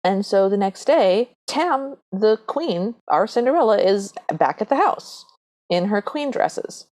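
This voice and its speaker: A podcast co-host with an expressive, medium-pitched, slightly mellow voice recaps a film's plot from her notes at a measured pace. It's casual chat, dotted with her dry and wry side comments.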